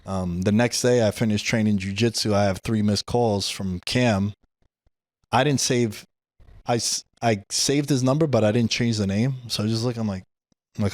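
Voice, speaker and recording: A man's voice: lowish voice, steady tone, normal speed, darkish tone, no echo, studio quality. A man with a New York accent, hosting a podcast and telling a story in casual, slangy talk, swearing freely. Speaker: podcast host. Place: podcast studio.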